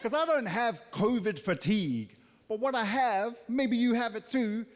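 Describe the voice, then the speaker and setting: A New Zealand stand-up comedian in his thirties performs a punchy set on a theatre stage, dropping mocking asides. His very high voice is expressive and measured in pace, heard in a large hall with a little hiss or hum.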